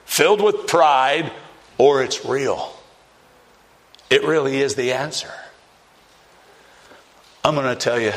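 A man preaching a sermon as pastor, emphatic, with big swings in pitch and loudness, and acting out doubters in a mocking higher voice.

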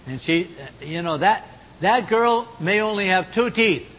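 A man preaching a sermon in a folksy manner, moving between loud exhortation and hushed, low tones. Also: expressive, unhurried. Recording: long hall reverb, faint rumble.

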